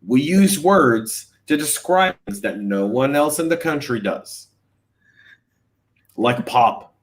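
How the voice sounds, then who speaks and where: A man from California, a podcast host, ranting in animated, sarcastic casual chat on a livestream. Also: mid-range voice, takes it slowly.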